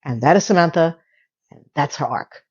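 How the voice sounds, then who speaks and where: A woman's voice: sits low, lively intonation, moderate pace, a little mellow, breathy edge. A woman casually recapping a TV episode, briefly acting out the characters' lines as she goes. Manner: chatty, acts out quotes in passing. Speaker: recap host. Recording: dull lo-fi sound.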